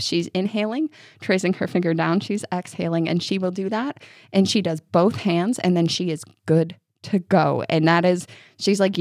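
A woman in her thirties co-hosting a podcast, telling stories in a lively way and acting out what people said. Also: medium pitch, no echo, studio quality. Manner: animated storytelling, acting out quotes. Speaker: podcast co-host. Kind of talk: casual chat.

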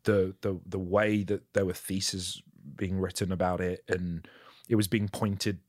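A man's voice: low-pitched, level tone, unhurried, a little mellow, no echo, clean studio sound. A man, an actor, candidly recounting his work in casual chat, swearing freely and mocking himself. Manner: candid, profane, self-mocking storytelling. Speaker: actor guest.

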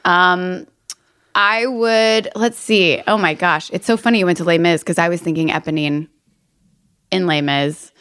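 A woman's voice: fairly low pitch, measured pace, a bit bright, smooth. A woman from Kentucky with a light Southern accent, co-hosting a podcast in casual, hesitant chat full of fillers. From Kentucky, USA. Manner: chatty, hesitant, many fillers and restarts. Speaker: podcast co-host, actress.

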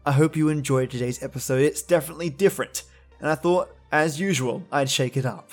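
A male podcast host narrates horror urban legends in a theatrical, chatty way. His voice sits a bit high, and soft music plays under the telling. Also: moderate pace.

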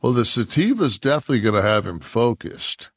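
A man's voice: medium pitch, sing-song, brisk, no room sound, studio quality. A man co-hosting a podcast who tells rambling, profane stories in casual chat. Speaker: podcast co-host.

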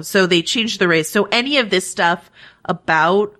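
A woman's voice: low voice, moderate pace, a bit bright. A woman co-hosting a TV recap podcast, chatting casually with lots of likes and ums. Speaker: podcast co-host. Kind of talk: casual chat.

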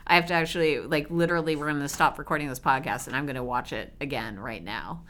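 A woman co-hosting a podcast in casual banter, enthusiastic and animated, laughing easily. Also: low-pitched, quick pace, slight background noise. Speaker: podcast co-host.

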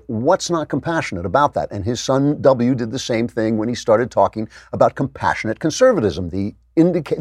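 Middle-aged guy ranting on politics, sarcastic, dry close mic, mid pitch. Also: darkish tone, breathy edge, no echo. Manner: sarcastic, mocking quotes in raised voice. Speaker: political commentary host. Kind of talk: opinionated political monologue.

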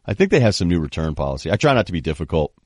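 Animated podcast host with lively pitch. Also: male voice, very fast, no echo, clean studio sound. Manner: animated storyteller, acts out quoted people. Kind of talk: casual sports podcast chat.

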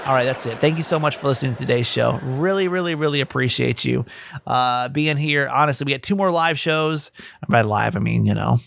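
A man's voice: mid-range voice, brisk, vocal fry, a bit bright, slight background noise. A man hosting a podcast in a chatty, rambling monologue, often restarting his sentences. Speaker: podcast host.

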